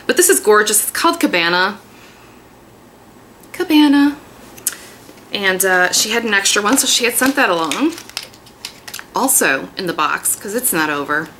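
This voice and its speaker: A woman in her thirties chatting excitedly about a mail haul in a casual vlog. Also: medium pitch, moderate pace, long pauses, slight background noise. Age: 30s. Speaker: beauty vlogger. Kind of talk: casual haul video chat.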